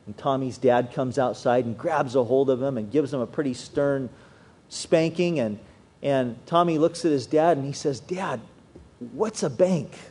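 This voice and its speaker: A man preaching a sermon, telling stories with animated swings in loudness. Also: mid-range voice, normal speed. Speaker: pastor.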